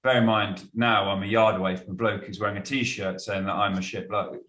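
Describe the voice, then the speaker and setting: A man's voice: on the low side, normal speed, fairly bright tone. A man, a guest cricketer, chatting casually and telling anecdotes, laughing as he goes. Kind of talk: casual storytelling. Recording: roomy echo.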